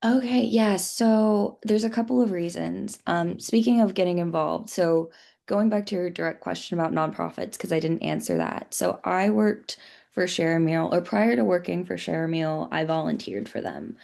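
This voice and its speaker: Congested young woman with a gravelly voice. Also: lowish voice, moderate pace, mellow. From Colombia, raised in the US. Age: young adult. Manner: chatty, uses "like" often. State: congested from a cold. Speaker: panel guest calling in. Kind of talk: casual panel talk.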